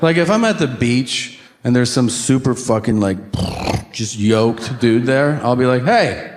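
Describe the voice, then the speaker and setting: A man doing profane, animated stand-up comedy, acting out quotes as he tells his stories. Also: medium pitch, a little slow, noisy background.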